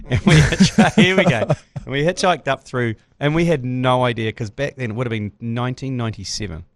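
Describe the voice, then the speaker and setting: A man in his forties with a New Zealand accent, hosting a podcast and telling lively, swear-filled stories in casual chat. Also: mid-range voice, a little fast, no echo. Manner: lively storyteller, swears freely, laughs mid-story. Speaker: podcast host.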